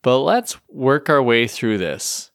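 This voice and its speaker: A man's voice: medium pitch, big pitch swings, slow, a bit bright, clear, resonant tone, no echo, clean studio sound. A man co-hosting a podcast in casual chat, joking and self-deprecating. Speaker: podcast co-host.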